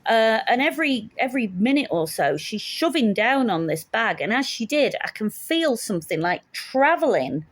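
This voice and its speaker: A woman's voice: fairly high pitch, very animated, normal speed, few pauses. A woman in her fifties telling a stressful story in a casual, candid way, with dry humour, acting out each exchange as she goes. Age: 50s. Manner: candid, wry, acts out the dialogue. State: shaken, stressed. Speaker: vlogger.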